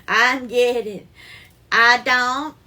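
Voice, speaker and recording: Woman, live-stream cooking host, high-pitched, bright voice, calls viewers darling, greets them by name, home kitchen, phone mic. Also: fairly even intonation, drawn-out words.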